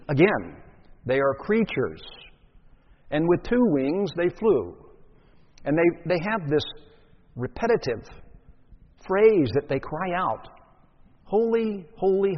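Husky-voiced man preaching a sermon. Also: mid-range voice. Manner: emphatic teaching with rhetorical questions. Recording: dull sound with long hall reverb.

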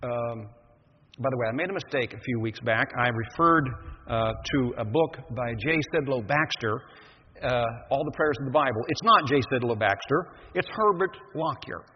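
An older man preaching a sermon as pastor, reading scripture then explaining it in a measured, earnest way. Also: mid-range voice, animated, a little hiss or hum. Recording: echoey dull lo-fi hall recording.

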